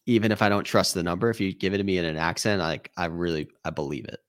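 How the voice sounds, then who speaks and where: A man co-hosts a casual golf-betting podcast, musing in a wry, easygoing way as part of relaxed sports-betting chat. His voice sits low and he talks fast.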